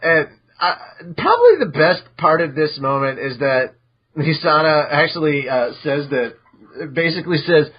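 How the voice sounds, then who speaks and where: A man hosting a podcast, casually recapping episodes in an animated way, now and then jumping into high squeaky voices for characters. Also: moderate pace. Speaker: podcast host. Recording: dull lo-fi podcast audio.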